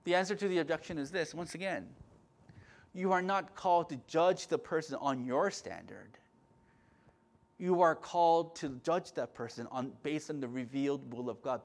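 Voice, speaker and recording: A pastor delivers an impassioned sermon, his slightly high voice swinging between loud, emphatic lines and quiet asides. He often restarts and repeats words.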